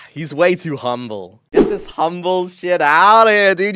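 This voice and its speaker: A man with a slightly high voice chats on his stream, telling stories excitedly and swearing freely between bursts of laughter. The sound is dry and close with no room around it. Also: unhurried, no echo. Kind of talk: casual stream chat.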